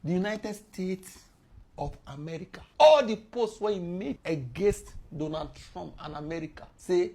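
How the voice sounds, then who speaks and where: A Nigerian woman hosts a casual news explainer, her voice husky and slightly breathy. She tells the story in a lively way, chuckling often as she goes. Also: lowish voice, moderate pace. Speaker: host.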